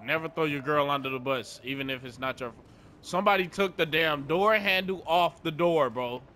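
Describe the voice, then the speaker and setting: A man's voice: on the high side, normal speed, sharp tone, a little hiss or hum. A young man giving laid-back, chatty gameplay commentary, swearing often and talking to his viewers. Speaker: gaming streamer.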